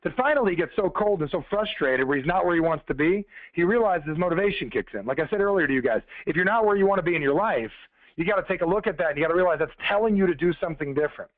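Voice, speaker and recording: A motivational speaker tells a story at a rapid clip, speaking straight to his listeners. His voice sits a little high for a man. The sound is thin and dry, like a phone line. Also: lively intonation, dry recording. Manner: fast, conversational, addressing listeners directly. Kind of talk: motivational storytelling on a conference call. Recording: tinny phone-line call.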